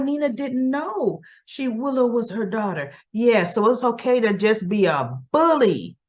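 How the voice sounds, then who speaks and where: A woman's voice: on the high side, highs cut off. A woman in casual chat, giving a chatty, opinionated recap of a soap opera episode. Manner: chatty and opinionated, acts out dialogue.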